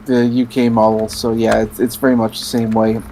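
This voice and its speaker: Halting Canadian man in podcast chat. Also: medium pitch, completely flat delivery, mellow, slight background noise, poor audio. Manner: halting, many restarts, quick bursts. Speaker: podcast co-host. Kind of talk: casual chat.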